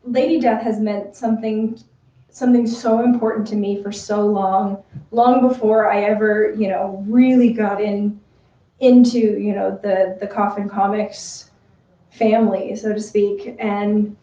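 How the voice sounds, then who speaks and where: A woman's voice: medium pitch, fairly even intonation, a little slow, dark tone. A woman cosplay model chatting casually during a livestream photo shoot, giggly and full of fillers. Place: room with a bar. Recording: roomy, distant, dull livestream audio.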